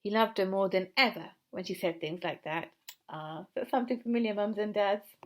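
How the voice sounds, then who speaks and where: A woman reading a children's story aloud in a gentle, expressive way, with asides to a puppet. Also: medium pitch, normal speed.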